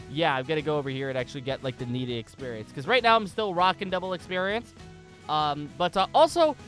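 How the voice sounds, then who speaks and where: A man hosts his own gaming video, talking through his play in a loose, rambling way and often restarting sentences midway. His voice sits a bit higher than most men's, and soft music plays faintly underneath. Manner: rambling, thinking aloud with frequent restarts. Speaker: gaming channel host. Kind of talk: casual gameplay commentary.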